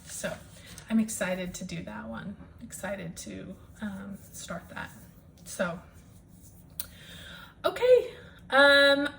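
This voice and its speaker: Excited woman showing off her stitching at home, lots of ums, faint hiss behind. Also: medium pitch. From US Midwest. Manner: chatty, enthusiastic, frequent ums. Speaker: cross-stitch vlogger. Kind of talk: casual show-and-tell chat.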